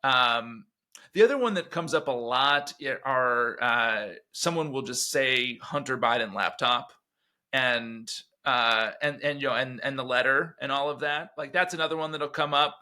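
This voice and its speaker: A man speaking as an interview guest in casual chat, halting and restarting his phrases often. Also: mid-range voice, bright, forceful tone. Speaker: guest, author.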